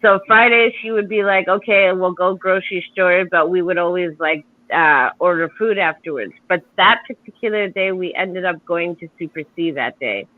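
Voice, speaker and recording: A woman's voice: on the low side, lively intonation, normal speed, hardly any pauses. A woman tells a rambling story with many fillers. She comes through a thin, tinny phone-like line. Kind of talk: casual chat.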